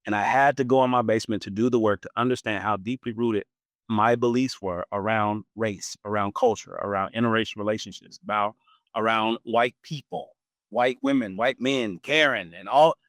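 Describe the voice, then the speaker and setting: Animated, dry-voiced man telling a story. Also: normal speed, no echo. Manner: animated, acts out quoted voices with big pitch jumps; casual, laughs often. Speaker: podcast host. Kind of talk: personal storytelling.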